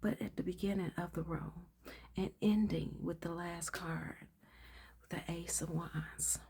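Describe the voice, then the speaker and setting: A woman's voice: steady tone, unhurried, mellow, a little hiss or hum. A woman giving a casual tarot reading, blunt and profane, often dropping into whispered asides. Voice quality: husky, gravelly low voice. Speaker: tarot reader.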